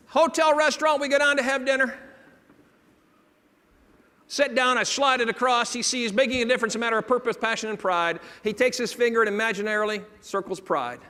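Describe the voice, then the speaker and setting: A high-voiced man tells a motivational story on stage, swinging between hushed moments and loud bursts as he acts out each person in it. His voice rings through a big hall with a long trailing echo. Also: steady tone, fairly quick. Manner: dramatic shifts between hushed and loud, acting out dialogue. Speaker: motivational speaker.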